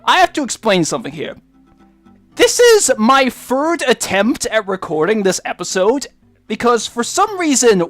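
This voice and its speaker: A man's voice: high-pitched, fairly bright tone, dry recording. A man hosting a let's play, giving joking, chatty commentary over his gameplay.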